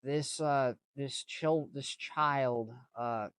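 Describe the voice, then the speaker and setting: A man's voice: medium pitch, drawn-out words, fairly bright tone, clean tone, no echo. A man casually telling a story to camera, rambling with slang and many restarts. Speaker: vlogger.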